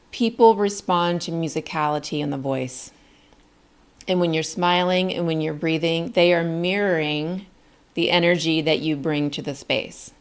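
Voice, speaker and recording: A woman's voice: on the low side, creaky. A middle-aged woman coaching viewers on job interviews in an upbeat, encouraging, emphatic way. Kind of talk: direct-to-camera coaching lesson.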